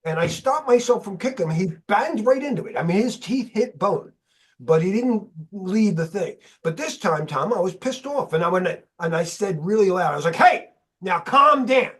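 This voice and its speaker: Male podcast host with a husky, raised voice; lively storyteller who swears. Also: sits high, moderate pace. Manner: animated storyteller, swears freely. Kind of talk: casual chat.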